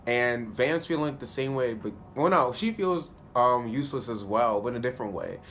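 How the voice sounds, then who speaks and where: Animated slangy man recapping an episode. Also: medium pitch, moderate pace, slight background noise. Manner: animated, slangy, laughs often. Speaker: TV show reviewer. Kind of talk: casual spoken episode review.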